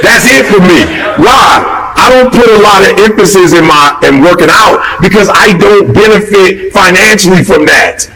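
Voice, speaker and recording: Animated high-pitched motivational speaker, a man. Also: moderate pace, hardly any pauses, crowd noise, rough recording. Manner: animated, preachy, talks straight to the listeners. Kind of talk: motivational talk.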